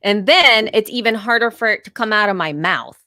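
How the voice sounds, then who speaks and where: A woman co-hosting a podcast, talking in animated, storytelling casual chat. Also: mid-range voice, brisk, dry recording, studio quality. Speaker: podcast co-host.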